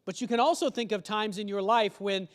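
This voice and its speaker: A man's voice: high voice, steady tone, fairly quick. A male pastor preaching a sermon in a conversational way, asking his congregation questions. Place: church sanctuary. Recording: long church hall reverb.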